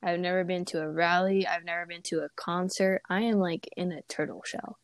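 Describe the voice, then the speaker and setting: A woman's voice: fairly low pitch, steady tone, brisk, dry recording. Laid-back young woman co-host. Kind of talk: casual chat.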